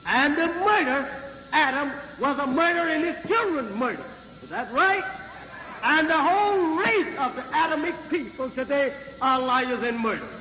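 High-pitched man preaching slowly in an echoey hall. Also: expressive. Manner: slow, emphatic, repeated rhetorical questions to the crowd; halting with frequent fillers and restarts. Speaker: religious leader addressing a crowd. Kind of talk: preaching speech to a live audience. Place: large hall with an audience. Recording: echoey hall, noisy 1950s archive recording.

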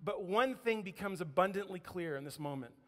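A man's voice: sits high, expressive, fairly quick, fairly bright tone. A man preaching a sermon as a pastor, telling a story vividly and acting out what people say. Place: church sanctuary. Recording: church hall reverb.

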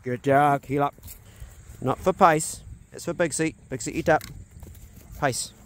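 A blunt, earthy man, chatting as he walks his farm and swears freely. His voice sits a bit high, caught outdoors on a phone camera. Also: a little slow, a bit bright. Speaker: farmer vlogger. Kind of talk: casual walk-and-talk vlog.

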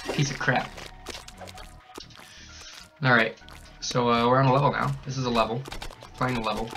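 A young gaming channel host, hyped up on energy drinks, narrates his gameplay in a medium-pitched voice, yelling and cackling at every death and win. It's hyper commentary captured on a desk mic with a camera nearby.

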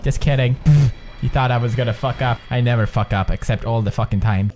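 With faint music in the background, this gaming video host talks at a moderate pace in a medium-pitched voice with a Swedish accent. The young man jokes and curses through his playthrough, shifting between quiet muttering and yelps whenever something goes wrong.

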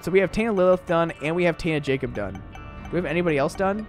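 Young man, game streamer, casual rambling chat, slightly high voice, faint music behind. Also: lively intonation, brisk. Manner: chatty, rambling with fillers.

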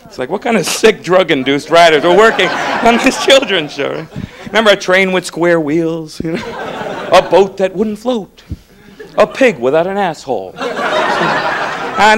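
A young man doing a stand-up comedy set on stage, animated and mocking, slipping into character voices. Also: high voice, a little slow, background noise. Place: comedy club stage before a live audience. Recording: live club recording with audience laughter.

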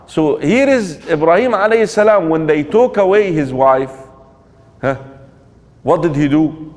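A man's voice: fairly high pitch, lively intonation, a little slow, a little mellow. A man giving a religious lecture in a storytelling way, asking the audience rhetorical questions and mixing in quoted Arabic phrases. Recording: long hall reverb.

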